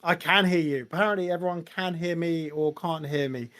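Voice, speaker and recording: A man's voice: a little high, fairly even intonation, brisk, a bit bright, no room sound, low-quality recording. An English man hosting a live fan call-in podcast, chatting in a rambling, self-interrupting way. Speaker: podcast host taking fan calls. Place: home setup, talking over a voice chat. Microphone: home microphone, sounded muffled at first.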